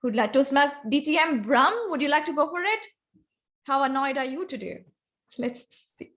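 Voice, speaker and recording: Woman, Indian accent, fairly high voice, workshop presenter, instructive. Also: normal speed, fairly bright tone. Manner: instructive, calls on volunteers by name. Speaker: guest speaker teaching vocal variety. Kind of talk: online club workshop presentation.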